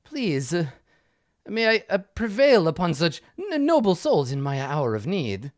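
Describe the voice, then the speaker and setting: A man's voice: fairly high pitch, sing-song, measured pace. A man voicing a nervous, somewhat cowardly middle-aged male author who stammers and talks in fussy, polite phrases. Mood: pleading.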